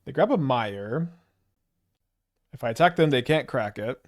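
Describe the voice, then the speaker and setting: A gameplay commentator with a Canadian accent talks casually and rambles, thinking out loud and restarting hesitantly. His mid-range voice is expressive and his pace measured.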